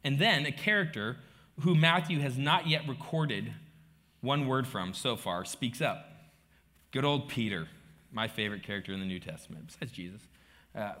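In his sermon, the middle-aged pastor relates the story with rhetorical questions, moving between soft asides and forceful emphasis. He speaks in a mid-range voice, animated, at a moderate pace.

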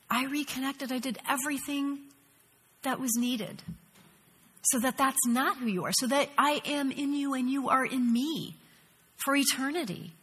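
A middle-aged woman teaching a women's Bible study, earnest and animated, acting out prayers as she goes. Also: high-pitched, husky, long reverb tail. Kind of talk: devotional teaching.

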